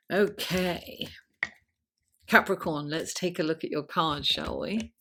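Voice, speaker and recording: A woman with a low-pitched voice does a weekly tarot horoscope in an unhurried, chatty manner against a noisy background. She takes her time with each phrase and sinks to a soft murmur when calling on the cards.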